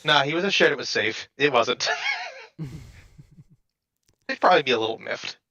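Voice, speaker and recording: Male player interjecting with suggestions, animated and bright, on a muffled lo-fi mic. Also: mid-range voice, vocal fry. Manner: chimes in with quick suggestions. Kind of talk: tabletop game chat.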